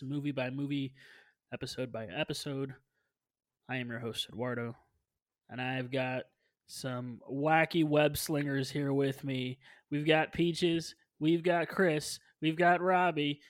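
A man's voice: fairly high pitch, no room sound. A man hosting a casual movie podcast, upbeat and jokey as he introduces guests and reads the show plugs. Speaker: podcast host.

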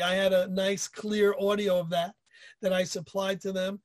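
A man's voice: high-pitched, level tone, normal speed, gravelly, no echo. A man hosting a casual chat, telling his own stories with enthusiastic self-deprecation. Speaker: podcast host.

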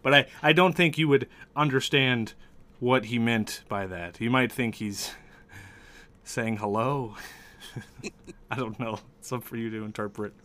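A man's voice: mid-range voice, a little slow, pauses often, bright, forceful tone. A man narrating a tabletop game as game master, in a loose, chatty way with frequent restarts.

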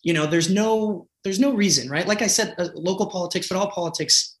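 Political candidate, male, from the Boston area; earnest, passionate delivery with restarts, slightly high voice, reverberant room. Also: fairly quick. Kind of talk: conversational interview.

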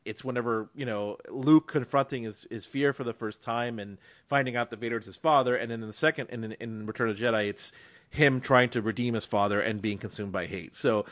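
A man co-hosting a film podcast talks in a casual, emphatic way, often stopping and restarting his sentences. His voice sits at an ordinary middle pitch. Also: brisk, fairly bright tone. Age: young adult or middle-aged, a father. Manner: enthusiastic, emphatic, many restarts. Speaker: podcast co-host.

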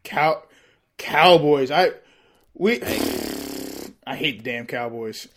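A man as a podcast guest in casual chat, excitable and laughing often, calling the host bro. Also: a little high, slow.

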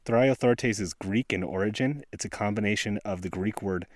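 A man's voice: on the low side, normal speed, dry recording, studio quality. A man with a West Virginian accent hosting a laid-back podcast, talking casually while out in a snowy forest. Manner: laid-back, self-deprecating. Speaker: podcast host. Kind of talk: casual outdoor podcast talk. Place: snowy forest outdoors by a stream.

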